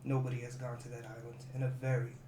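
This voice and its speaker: A man playing a quiet, grave monk. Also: mid-range voice, completely flat delivery, quick pace, roomy sound, background noise, natural voice. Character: solemn male monk giving a warning.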